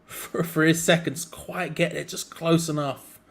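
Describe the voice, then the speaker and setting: Excitable young man commentating. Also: fairly high pitch, measured pace, gravelly. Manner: excitable, rambling, chatty play-by-play with sudden outbursts. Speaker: fan channel co-host. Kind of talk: live football watch-along commentary.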